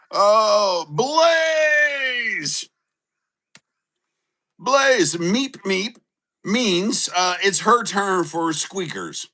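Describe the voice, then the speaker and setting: A man chats casually with viewers on his pet livestream, greeting them by name and stumbling through restarts and fillers. His voice is bright and clear, and it sits somewhat high for a man. He talks slowly, with wide, animated swings in pitch. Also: low-quality recording. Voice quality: halting, many fillers and restarts. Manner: chatty, greets viewers by name, bursts into excited shouts. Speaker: livestream host with his dog. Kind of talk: casual live-stream chat.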